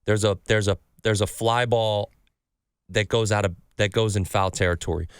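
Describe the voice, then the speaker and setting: A podcast host with a fairly low voice talks casually about sports cards at a moderate pace, spinning animated stories, acting out quotes and swearing freely. The studio-quality recording is clean with no room sound.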